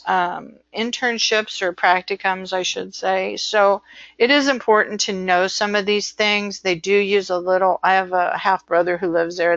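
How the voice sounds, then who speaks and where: A woman's voice: lowish voice, fairly bright tone, no room sound, muffled recording. An American woman giving a recorded lecture as an instructor, chatty and full of fillers. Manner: chatty, filler-heavy, slow and deliberate.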